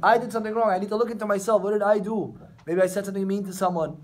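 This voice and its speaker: A rabbi teaches an informal class to a small group, caught on a camera recording the session. He talks conversationally, turns to the students directly and acts out quotes, his fairly high, slightly mellow voice racing along with fairly even intonation.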